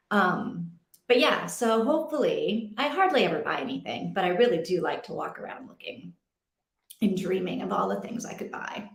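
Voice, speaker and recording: A young adult woman hosting a casual read-along stream from home, chatting in a rambling way and laughing often. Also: medium pitch. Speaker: livestream host. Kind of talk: casual chat. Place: home in Portugal. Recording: roomy echo.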